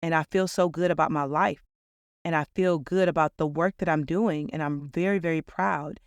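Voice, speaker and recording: A woman's voice: low voice, fairly even intonation, moderate pace, clear, resonant tone, no room sound, studio quality. A woman hosting a reflective podcast monologue, talking in an earnest, upbeat storytelling way. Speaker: podcast host.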